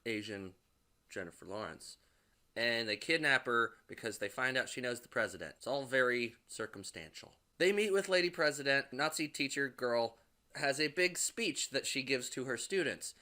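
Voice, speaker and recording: A man's voice: mid-range voice, expressive, moderate pace, pushed and bright. A man giving a casual, sarcastic, rambling recap of a movie, full of fillers like "like" and "or whatever". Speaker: movie reviewer.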